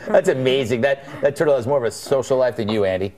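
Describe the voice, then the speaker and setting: A man's voice: medium pitch, lively intonation, darkish tone. A man hosting a late-night panel talk show, joking sardonically at his panelists. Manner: wry, sardonic, quick jokes at panelists.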